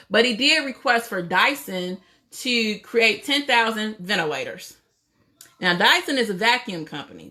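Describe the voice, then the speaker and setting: A woman's voice: fairly high pitch, pushed and bright. A woman hosting a casual livestream, opinionated and full of rhetorical questions, greeting viewers as she talks. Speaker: livestream host.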